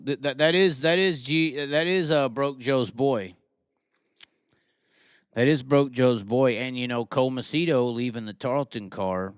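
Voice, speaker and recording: A man's voice: mid-range voice, clear, resonant tone, dry recording, clean studio sound. A man hosting a casual live reaction show, talking in a rambling way with many restarts and stammers. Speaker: host.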